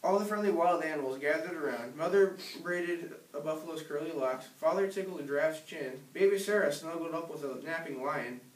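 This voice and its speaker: A man reading a children's picture book aloud in a gentle storytelling manner. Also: on the high side, a little fast, hardly any pauses. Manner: gentle storytelling, small slips. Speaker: reader. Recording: echoey room, distant mic.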